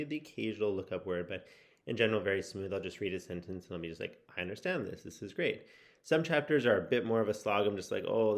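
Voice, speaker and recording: A man talking through a casual video update on his language study, rambling and musing with lots of restarts. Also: on the low side. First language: English. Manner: rambling, with many fillers and restarts; musing and self-reflective. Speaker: language-learning vlogger. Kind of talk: casual spoken progress update.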